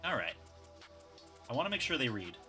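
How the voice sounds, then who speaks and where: A man's voice: medium pitch, sing-song, a little fast, bright, forceful tone, faint music behind. A man from New York, streaming and chatting casually, laid-back and sweary, speaking into a desktop USB mic. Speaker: streamer host. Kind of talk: casual chat while drawing on stream. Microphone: desktop USB microphone.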